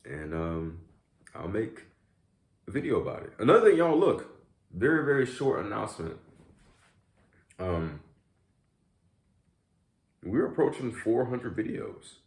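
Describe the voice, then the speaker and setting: A young man with a deep, low voice talks in a relaxed, rambling vlog chat, leaning on "man" and "y'all". The sound comes back off the walls of an echoey room. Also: takes it slowly, gravelly, pauses often. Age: young adult. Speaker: YouTube vlogger. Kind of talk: casual mukbang chat.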